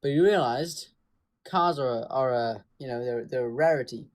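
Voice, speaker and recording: A man calmly debating in a casual chat, earnest and a bit halting. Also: mid-range voice. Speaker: guest debater.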